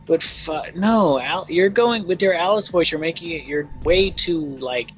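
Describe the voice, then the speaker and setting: A man's voice: on the high side, a little slow, hardly any pauses, fairly bright tone, faint music behind, low-quality recording. A man in his twenties co-hosting a game stream, bantering in a blunt, teasing and profane way. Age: 20s. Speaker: co-host of a game let's play stream. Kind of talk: casual gaming banter.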